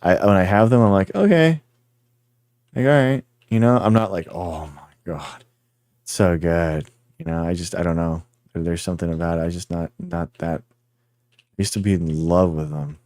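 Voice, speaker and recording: A man hosts a livestream with a low, mellow voice, chatting loosely and rambling as he answers his viewers directly. The sound is dry and close, with no room echo. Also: fairly quick. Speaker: livestream host. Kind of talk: casual livestream chat with viewers.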